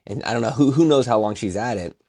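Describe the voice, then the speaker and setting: A man co-hosts a casual podcast chat, rambling with animation and laughing often. He talks fast in a mid-range voice, and the recording is dry and studio quality.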